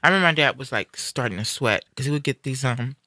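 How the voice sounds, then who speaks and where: Bright-voiced man hosting a candid live stream. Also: medium pitch, fast talker, no echo. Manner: earnest, reflective, animated when quoting others. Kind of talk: candid personal storytelling.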